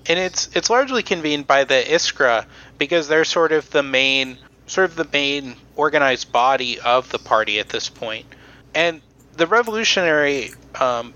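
Halting bright-voiced podcast man. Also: fairly high pitch, muffled recording. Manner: halting, many fillers and restarts. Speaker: podcast co-host presenting history. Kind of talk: casual history podcast chat.

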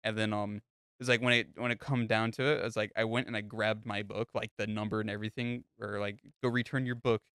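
A man's voice: lowish voice, little pitch movement, a little fast, fairly bright tone, clear, resonant tone, dry recording, studio quality. A young man co-hosting a podcast, telling crude, rambling stories full of fillers in casual chat. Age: young adult. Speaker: podcast co-host.

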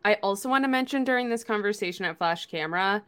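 A young woman co-hosting a casual book podcast, relaxed and agreeable as she summarizes chapters. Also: medium pitch, fast, smooth. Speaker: podcast co-host. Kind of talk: casual book-club chat.

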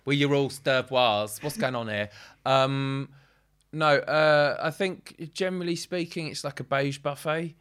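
A man's voice: medium pitch, a little slow, fairly bright tone, clear, resonant tone. A man, a comedian guest, chatting casually with wry jokes. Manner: wry, joking, dry asides. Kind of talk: casual chat.

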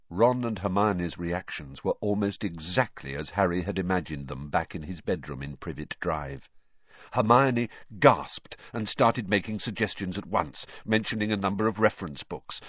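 A man narrating an audiobook with expressive storytelling, on a dull lo-fi recording. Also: low voice, dry recording. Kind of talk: audiobook reading.

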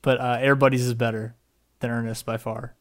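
Excitable young man rambling on a podcast. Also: mid-range voice, brisk. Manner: excitable, rambling, swears casually. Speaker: podcast co-host. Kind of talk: casual podcast chat.

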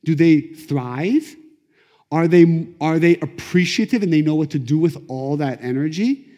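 A middle-aged man teaching a class on Kabbalah, telling stories in a lively conversational way. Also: on the high side, measured pace. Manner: animated, conversational, acts out quotes. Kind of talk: lecture storytelling. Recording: echoey lecture hall.

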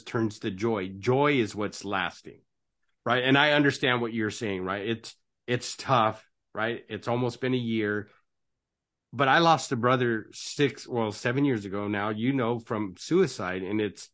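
A man's voice: medium pitch, fairly bright tone. A man hosting a casual interview, earnest and encouraging, who tags nearly every phrase with "right?". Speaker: podcast host and life coach.

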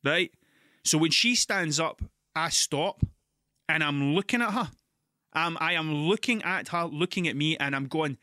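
Scottish guy on his podcast, sweary rant, dry sound, bit higher voice. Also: measured pace, no echo. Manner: sweary, animated ranting storyteller. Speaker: podcast host. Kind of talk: casual monologue.

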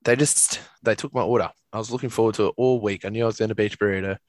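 A man's voice: lowish voice, fairly even intonation, racing, no room sound. A young Australian man co-hosting a casual podcast, rambling with frequent swearing and restarts. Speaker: podcast co-host. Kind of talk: casual chat.

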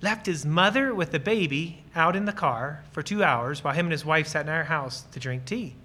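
This guest speaker on ministry has a fairly high, sharp-toned voice with lively intonation and a moderate pace. Hailing from Lancaster County, Pennsylvania, he gives an earnest, enthusiastic talk that includes audience questions and personal stories, acting out short lines of dialogue as he goes.

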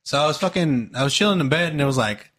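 A man's voice: a little high, lively intonation, fast, fairly bright tone. A young man chatting casually with friends, telling a story in laid-back slang and heavy swearing. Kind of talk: casual chat.

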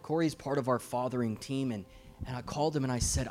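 A man's voice: medium pitch, fast talker, a little mellow. A middle-aged man preaching a fervent, urgent sermon as a guest preacher, his volume swelling and dropping as he presses his points.

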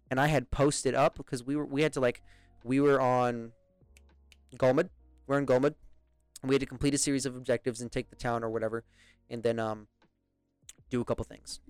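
A man's voice: medium pitch, steady tone, normal speed, long pauses, no echo, soft background music. Laid-back British guy telling stories. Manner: rambling, profane, laughs often. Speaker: podcast host. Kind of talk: casual storytelling chat.

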